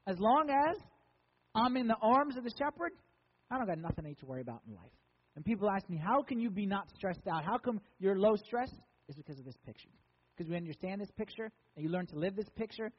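A man's voice: sits high, breathy edge, big-room sound, lo-fi sound. A man preaching as a pastor, conversational and joking with emphatic lines. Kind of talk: sermon.

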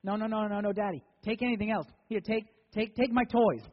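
A man voicing a little girl pleading, husky. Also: a little high, expressive, measured pace, lo-fi sound. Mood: desperate. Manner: pleading, repeating herself. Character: young girl pleading to keep her pearls.

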